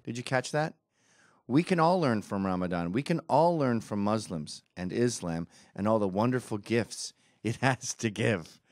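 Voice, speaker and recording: Sarcastic man ranting with lively pitch. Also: normal speed, no room sound, studio quality. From Britain. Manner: sarcastic, mocking. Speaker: commentator. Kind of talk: comedic rant over a video clip.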